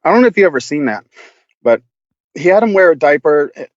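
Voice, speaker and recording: Man, podcast guest, casual storytelling, swears a lot, laughs often, slightly high voice, dull lo-fi sound, dry. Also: big pitch swings, fast, dry recording. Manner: laughs often, swears freely, many restarts.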